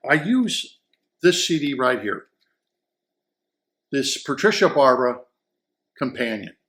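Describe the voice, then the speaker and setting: A man's voice: mid-range voice, very animated, slow pace, fairly bright tone. A man giving a casual, enthusiastic audio gear review, rambling and repeating words as he searches for the right ones. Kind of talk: casual product review talk.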